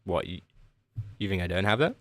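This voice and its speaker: A man's voice: low-pitched, lively intonation, fairly quick. A man with an English accent, a game streamer in casual chat with his viewers, joking and answering their questions. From England.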